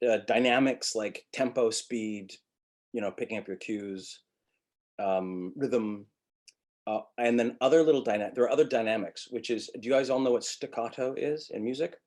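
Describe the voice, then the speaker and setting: Highly melodic male acting teacher. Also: moderate pace, a little mellow. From Montreal. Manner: very melodic, demonstrates with vocal sounds. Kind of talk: webinar lecture.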